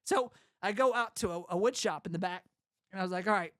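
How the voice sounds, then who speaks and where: A man recounting his own story as a podcast guest, close to the mic in a dead, dry room. He tells it with animated energy and slips into the voices of the people he quotes. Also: high-pitched, quick pace, no echo. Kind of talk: personal testimony in conversation.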